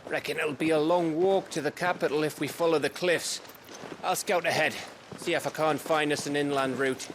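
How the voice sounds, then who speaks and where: A man playing a calm, practical scout. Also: fairly high pitch, normal speed, a little hiss or hum, close to an everyday voice. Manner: calm, matter-of-fact. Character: practical male scout, steady companion. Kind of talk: video game dialogue.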